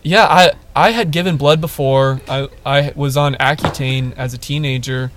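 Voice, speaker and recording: A man's voice: mid-range voice, moderate pace, no echo. A young man co-hosting a casual podcast, telling a funny story and acting out the quotes in it. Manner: animated storyteller, acts out quotes. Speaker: podcast co-host.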